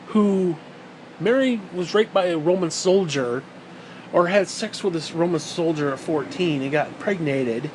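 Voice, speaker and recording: A man's voice: fairly high pitch, slight background noise, low-quality recording. A man delivering a heated, profane and sarcastic ranting monologue as a vlogger.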